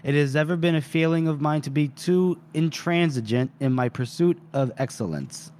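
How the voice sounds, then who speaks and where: A man's voice: a little high, lively intonation, moderate pace, a little mellow, close to an everyday voice. Man doing a pompous poisoner, formal and wheedling, raised voice, fussy. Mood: groveling. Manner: overly formal, wheedling, then gushing. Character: fussy, pompous middle-aged male poisoner.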